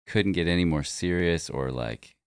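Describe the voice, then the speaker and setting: A man with a very low voice hosts a relaxed chat show and laughs easily. The sound is dry and close. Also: normal speed, clean tone, dry recording. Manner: easygoing, laughs often. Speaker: podcast host. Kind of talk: casual chat.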